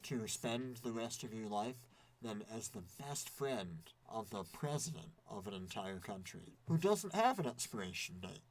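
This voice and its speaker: A man's voice: lowish voice, lively intonation, normal speed. A man chatting casually on a podcast, rambling with many restarts and fillers. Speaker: podcast co-host. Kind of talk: casual chat. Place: indoor podcast recording.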